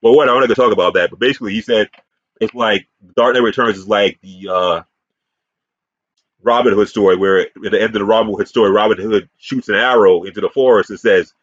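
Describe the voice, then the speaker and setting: Rambling, cussing YouTube ranter, a man with a lowish voice, muffled, dry sound. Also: fairly even intonation, fairly quick, dry recording. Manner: combative, profane and rambling. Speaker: YouTube commentator. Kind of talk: ranting commentary to camera.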